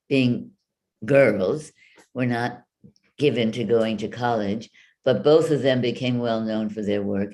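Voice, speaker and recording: A woman teaching speech over a video call, slowly demonstrating vowels and consonants with drawn-out sounds. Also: rumbling low, warm tone.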